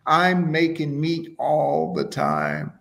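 A man with a slightly high, a bit bright, creaky voice speaks slowly but very animatedly. As an interview guest, he swaps stories in an enthusiastic, casual manner, frequently starting over mid-thought.

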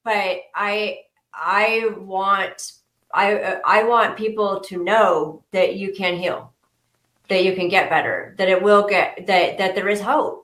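A woman speaking as a guest in a casual interview chat, earnest and slow with frequent pauses and restarts. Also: medium pitch, a bit bright. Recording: echoey room.

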